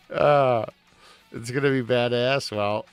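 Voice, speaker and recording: A man's voice: mid-range voice, clear, resonant tone, no echo. A man streaming live, chatting casually in a rambling, profane, joking way over faint music.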